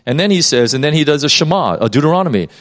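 A man's voice: on the high side, sing-song, very fast. A man preaching in a conversational Bible-teaching style, often repeating words as he thinks.

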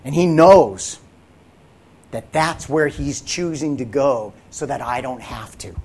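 A man telling his story with intensity, his voice at an ordinary middle pitch. He builds the tension and then sinks into near-whispers. It is a personal testimony, told by an actor. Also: slow, slight background noise. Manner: intense, drops to hushed whispers at moments. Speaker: actor sharing a faith testimony.

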